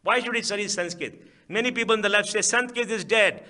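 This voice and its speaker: A man's voice: high voice, fast, sharp tone. A middle-aged man with an Indian English accent, giving an emphatic public speech in a lecture hall, full of rhetorical questions and repeated phrases. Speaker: guest speaker.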